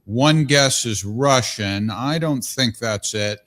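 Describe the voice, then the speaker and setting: A man's voice: medium pitch, takes it slowly, fairly bright tone. An easygoing male host with a voice in the middle range, chatting casually with callers and his guest. He sounds bemused at times and keeps things moving. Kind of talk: casual talk show chat.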